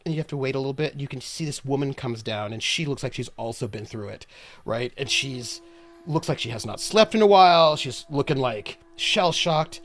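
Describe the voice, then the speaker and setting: A man narrating as game master of a tabletop horror game, setting scenes slowly with fillers. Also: medium pitch, animated, slight background noise.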